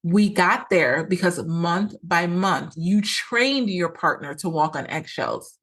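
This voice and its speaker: A woman's voice: on the low side, slow, a bit bright, breathy edge. Earnest woman coaching on a podcast. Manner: earnest, repetitive, acts out quoted lines. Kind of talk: solo podcast monologue.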